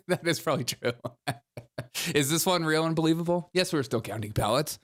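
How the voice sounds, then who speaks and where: A man's voice: on the high side, expressive, normal speed. A man hosting a live-streamed political commentary show, reading headlines and super chats with sarcastic jokes and frequent laughter at his own lines.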